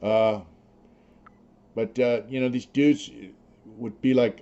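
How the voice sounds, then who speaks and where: A man's voice: medium pitch, steady tone, moderate pace, a little mellow. A middle-aged man, a former prisoner, telling his story in blunt, streetwise talk full of slang and swearing. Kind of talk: casual storytelling, profane. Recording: slightly dull lo-fi audio.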